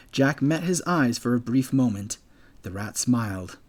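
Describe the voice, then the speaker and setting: A man narrating an audiobook in measured, scripted storytelling. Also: lowish voice. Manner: measured storytelling, voicing all characters.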